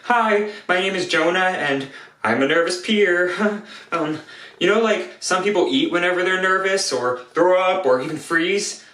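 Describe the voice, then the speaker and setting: A man's voice: high-pitched, measured pace, sharp tone, distant mic. An actor playing a nervous, jittery young man who hesitates with frequent ums. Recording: roomy, from the mic.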